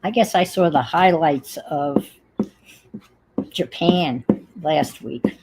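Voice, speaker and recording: Woman, New York accent, casual crafting chat, unhurried, slow, gravelly. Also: low voice, background noise. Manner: chatty, unhurried, thinks aloud. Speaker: crafting livestream host.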